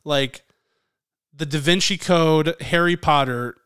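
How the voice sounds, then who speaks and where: A man's voice: a little high, slow, clear, resonant tone, dry recording, clean studio sound. A man co-hosting a podcast, chatting casually with jokes and playful rants. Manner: animated, joking, rant-prone. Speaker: podcast co-host.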